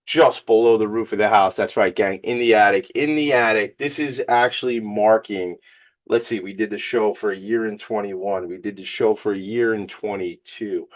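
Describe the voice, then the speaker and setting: A man hosting a radio show, fired up, joking and motivational. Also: on the low side. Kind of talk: energetic radio monologue.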